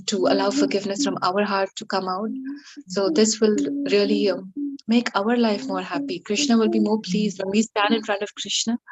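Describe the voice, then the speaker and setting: A woman participant telling a story in a rambling, hesitant way full of fillers. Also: mid-range voice. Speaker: session participant. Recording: noisy line with clicks.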